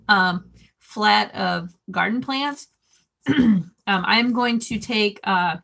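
A woman hosts a loose live stream in a bright, forceful voice, talking slowly. She rambles, giggles often, and reads viewers' comments aloud as she goes. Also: medium pitch. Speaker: livestream host reading chat. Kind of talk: casual live-chat talk.

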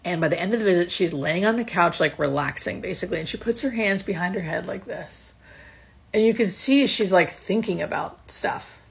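Soft-spoken woman with a gravelly, husky voice. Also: lowish voice, fairly quick. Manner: reflective, soft-spoken, trailing off at ends of phrases. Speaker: hospice nurse. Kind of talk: casual storytelling to camera.

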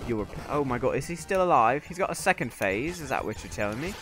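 Excitable male streamer, lively voice. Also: medium pitch, fast, soft background music. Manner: excitable, swears often, talks himself through fights. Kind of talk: live gameplay commentary.

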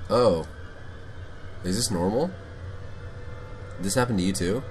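A man chatting casually while playing a video game, joking irreverently with loud bursts. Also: deep voice, slow, slight background noise. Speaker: game player and co-host. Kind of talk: casual gameplay chat.

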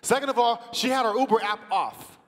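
A man with a high voice tells a story from a church stage, acting out the quotes and climbing into shouted praise. His voice rings through a big room with a long reverb. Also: fairly quick. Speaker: church team member telling a story. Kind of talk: testimony preached from the stage. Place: large church auditorium.

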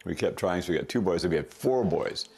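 Middle-aged guy, deep voice, chatty storytelling, laughs a lot as he goes. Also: animated, gravelly, darkish tone, a little hiss or hum. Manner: chuckles often, quick asides. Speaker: podcast guest. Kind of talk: casual storytelling.

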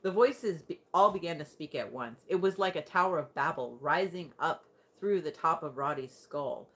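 An audiobook reader with a low, animated, slightly bright voice reads a science fiction short story aloud at a moderate pace. She performs several different character voices in the dialogue of this scripted narration.

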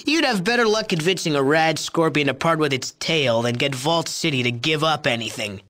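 A man's voice: on the high side, lively intonation, moderate pace, sharp tone. An actor playing an arrogant, crude young male drug chemist in a video game, boastful and mocking. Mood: sneering. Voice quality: sneering, profane. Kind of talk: game dialogue.

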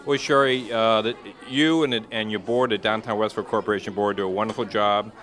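A man's voice: lowish voice, fairly even intonation, fairly quick, fairly bright tone. A man interviewing people at a downtown event, friendly and joking. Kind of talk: street interview. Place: outdoors downtown at night.

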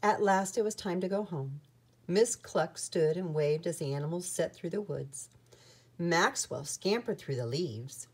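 A woman reading a children's picture book aloud with an expressive storytelling manner. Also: on the low side, unhurried, breathy edge.

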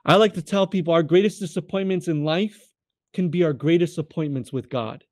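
A young man from California telling his faith testimony as an interview guest, animated and acting out the voices of the people in his story. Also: fairly high pitch, a little fast, no room sound, clean studio sound. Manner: animated, acts out quoted voices, addresses the host by name often.

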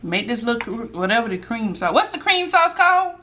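A middle-aged woman hosting a mukbang at home, chatting casually with viewers while eating and sometimes dropping to a hushed voice. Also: fairly high pitch, big pitch swings, moderate pace. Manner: chatty, talks while chewing, drops to a hushed voice for gossip. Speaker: mukbang host.

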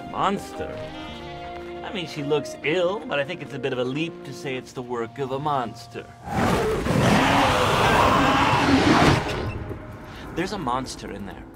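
An actor playing a goofy, boyish young doctor in a TV comedy, excitable and silly. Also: male voice, moderate pace, natural voice. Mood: unsure. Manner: excitable and silly, voices jumping up high. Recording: TV clip with faint music.

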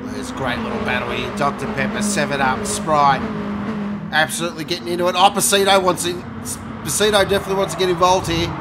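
A man commentating a sim race, joking and bursting out loud at each incident. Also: fairly high pitch, steady tone, quick pace. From Australia. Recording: noisy with engine sound behind.

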